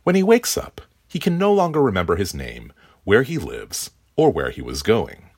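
A man reads a scripted film review in a husky, low voice. His pitch rises and falls very widely as he reads expressively. The studio sound is dry. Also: moderate pace, no echo. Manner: expressive, reading. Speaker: film critic. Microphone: studio microphone.

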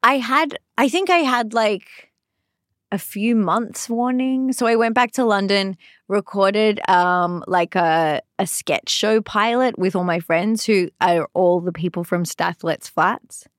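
A woman's voice: mid-range voice, slow pace, no echo, studio quality. A woman from Sydney with an Australian accent, chatting casually as a guest in an interview, laughing easily and filling her talk with "like". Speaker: actor, guest.

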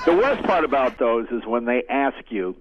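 A man's voice: mid-range voice, moderate pace, muffled recording, very noisy. An older man, a guest comedian, telling anecdotes in casual chat and acting out the people in them. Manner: animated, acts out voices in anecdotes. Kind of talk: casual storytelling.

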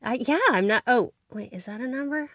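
A woman co-hosting a radio show, bantering in a playful, lively way. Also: a little high, fairly quick. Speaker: radio co-host. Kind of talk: casual studio banter.

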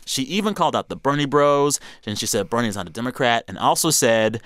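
A podcast host runs a casual news show, reading quotes aloud and joking playfully with his co-hosts in an animated way. His voice is medium-pitched and fairly quick, in a dry recording.

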